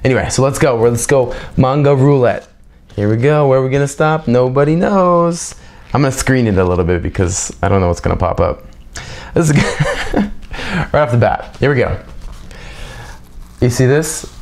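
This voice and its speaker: A young man teaching an off-the-cuff language lesson in a loose, rambling way, at a middle pitch for a man. He jokes at his own expense and keeps checking in with a quick "right?" as he goes. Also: sing-song, a little mellow. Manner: loose and rambling, chatty asides and self-mocking jokes. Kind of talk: unscripted casual lesson.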